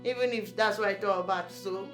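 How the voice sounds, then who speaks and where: A woman's voice: mid-range voice, fairly quick, over music, natural voice. An actress playing a stressed woman trader in debt, speaking with a Nigerian accent and complaining wearily. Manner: complaining, weary, sighing.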